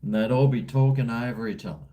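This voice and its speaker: A man's voice: mid-range voice, fast talker, mellow. A middle-aged Australian man chatting casually on a livestream, rambling and slangy with a drawling voice. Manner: laid-back, rambling, slangy. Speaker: livestream host. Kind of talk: casual livestream chat reading comments.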